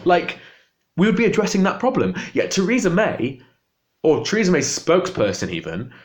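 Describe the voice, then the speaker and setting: A man's voice: sits high, wildly swooping pitch, normal speed. A young man venting in an impassioned political rant to camera, exasperated and agitated. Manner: agitated, exasperated, voice jumping up when upset. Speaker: vlogger.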